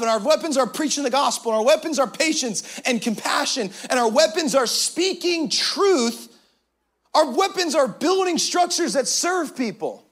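A male pastor giving an energetic sermon in casual slang, bursting into shouts at times. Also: very high voice.

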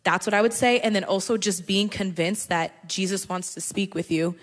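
Chatty, playful woman in a reverberant hall. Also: medium pitch. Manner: playful and chatty, quick to laugh. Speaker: panel guest. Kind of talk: casual faith encouragement on stage. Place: large hall at a live church gathering.

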